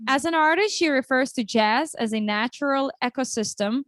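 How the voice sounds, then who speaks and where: A woman's voice: high voice, normal speed, fairly bright tone, dry recording. A woman hosting a casual livestream interview, chatty and upbeat, often restarting her sentences. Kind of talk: casual chat.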